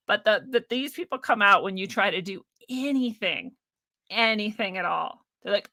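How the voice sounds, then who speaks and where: A woman's voice: medium pitch, a little slow, vocal fry, bright, forceful tone, no room sound. A woman hosting a spiritual livestream, ranting casually in a blunt, sarcastic, profane way and laughing often.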